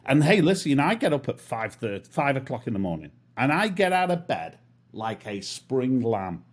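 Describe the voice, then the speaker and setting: A British man in casual conversation, self-mocking and quick to laugh. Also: mid-range voice, big pitch swings. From Britain. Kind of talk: casual chat.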